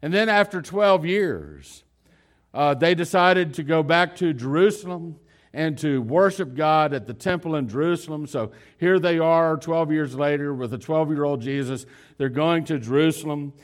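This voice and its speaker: A man preaching a sermon retells a story conversationally at a moderate pace, with fillers and restarts. He shifts between loud emphasis and quiet, low lines.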